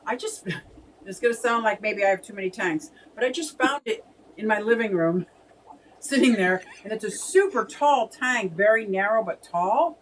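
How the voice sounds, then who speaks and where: A woman's voice: medium pitch, expressive, moderate pace, distant mic, slight background noise, poor audio. A woman co-hosting a casual fish hobby live stream, chatting and laughing as she reads out viewer comments.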